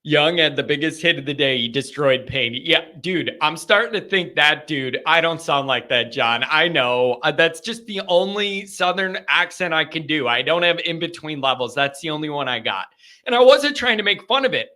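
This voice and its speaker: Bright, upbeat man hosting a live sports chat. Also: a little high, moderate pace. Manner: animated, rambling, repeats himself. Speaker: live-stream sports host.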